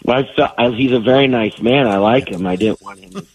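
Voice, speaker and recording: A man's voice: medium pitch, brisk, slightly rough, low-quality recording. A middle-aged man with a cold and a phlegmy voice, a comedian guest rambling self-deprecatingly through a long story in casual chat.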